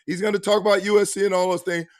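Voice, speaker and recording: A male talk show host telling stories and asking questions in a lively, slangy way. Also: sits high, very fast. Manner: animated storyteller, slangy. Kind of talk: casual sports talk show hosting.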